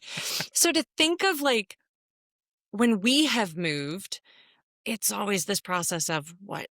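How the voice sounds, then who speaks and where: A woman co-hosting a podcast in casual chat, animated and playful, laughing often. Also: medium pitch, slow, no room sound, studio quality. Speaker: podcast co-host.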